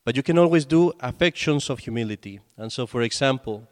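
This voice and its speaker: A man's voice: medium pitch, expressive, fairly quick. A man, a priest, giving a conversational sermon and telling stories with acted quotes. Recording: long hall reverb.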